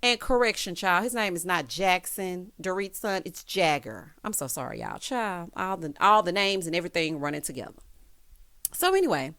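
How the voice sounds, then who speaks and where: Sassy woman dishing on reality TV. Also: normal speed. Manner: sassy, dramatic, peppered with honey and child; animated swoops in pitch for emphasis. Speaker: reality TV recap vlogger. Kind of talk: casual TV recap commentary.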